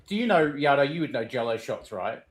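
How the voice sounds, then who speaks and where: A man chatting casually on a stream, telling stories in an animated way with lots of laughter and fillers. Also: medium pitch, fairly quick, a crowd in the background. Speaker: streamer in group chat. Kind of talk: casual chat.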